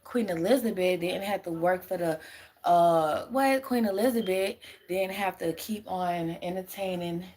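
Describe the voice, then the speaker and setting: A woman's voice: fairly low pitch, a little slow, a little mellow. A young adult woman on a live stream who rambles, swears and laughs often while answering her chat as a spiritual reader.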